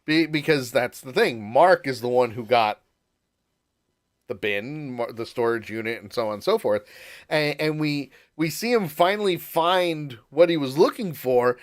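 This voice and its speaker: A man's voice: medium pitch, animated, a little slow. A man co-hosting a podcast, recapping a TV episode in casual chat, restarting and repeating words and laughing often. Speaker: podcast co-host.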